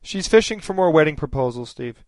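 A man's voice: a little high, animated, brisk. A man co-hosting a podcast, joking and cutting in during casual banter. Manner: joking and interrupting. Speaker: podcast co-host.

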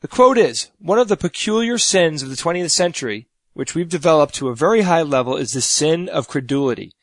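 A man's voice: a little high, animated, brisk, no room sound. A man in his forties co-hosting a podcast, joking easily and reading out a listener quote. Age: 40s. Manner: joking, easygoing. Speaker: podcast co-host. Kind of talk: casual panel chat, reading a quote.

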